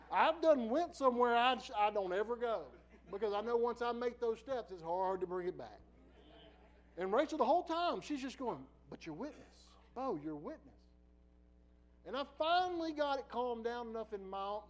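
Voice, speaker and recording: A middle-aged man preacher telling a personal story in a sermon, laughing often and swinging from quiet asides to loud bursts. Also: high-pitched, rough recording.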